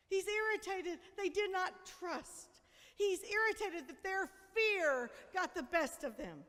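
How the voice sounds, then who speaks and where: A woman minister with a high voice preaches in a church sanctuary. Her delivery moves between emphatic, rising appeals and soft, close asides. A long reverb from the large room trails after each phrase. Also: big pitch swings, slow. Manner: emphatic, conversational preaching with quiet, intimate drops. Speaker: senior minister. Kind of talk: sermon.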